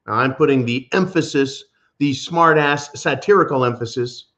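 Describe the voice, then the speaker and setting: A man's voice: mid-range voice, moderate pace, fairly bright tone. A man hosting a preparedness channel, ranting sarcastically and emphatically in political commentary, often calling listeners "folks".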